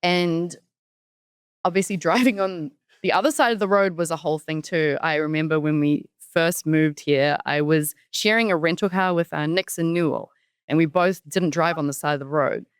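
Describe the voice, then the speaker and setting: A woman in her thirties from New Zealand with a partly Americanized New Zealand accent, chatting casually as an interview guest, animated and quick to laugh. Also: smooth, dry recording, clean studio sound. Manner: animated, laughing, jumps high for quoted voices. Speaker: guest, professional wrestler.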